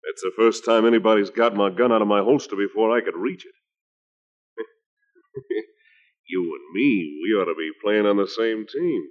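An actor playing a gruff outlaw gang leader who barks orders, in a 1940s radio western. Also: male voice, lowish voice, normal speed, long pauses, close to an everyday voice. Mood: wry. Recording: dull old radio recording.

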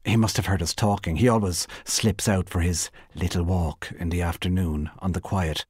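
A man reading aloud voices a flustered woman jeweller, speaking nervously and politely, a little lifted and quick. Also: deep voice, steady tone, darkish tone, husky, no room sound, clean studio sound. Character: flustered, anxious woman jeweller telling white lies.

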